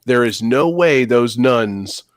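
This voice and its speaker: A man hosting a casual movie commentary, sarcastic and quick to laugh. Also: mid-range voice, expressive, no room sound, clean studio sound. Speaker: podcast host.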